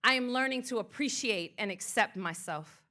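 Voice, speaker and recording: A woman motivational speaker performs spoken word live in an art museum event space, leading the crowd in rhythmic, declarative affirmations. Her voice is on the high side, pushed and bright, at a normal speed.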